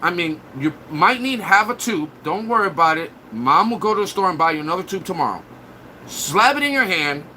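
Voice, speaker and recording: A man's voice: high voice, lively intonation, fairly quick, sharp tone, a little hiss or hum. A man live streaming, mocking and trash-talking viewers in his chat in a blunt, crude way.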